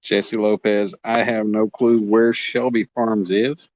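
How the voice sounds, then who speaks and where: On a lake bank outdoors, a man from Oklahoma chats casually during a fishing livestream, reading viewer comments and joking back. His lowish voice is slow and darkish with little pitch movement, in a lo-fi recording with no echo.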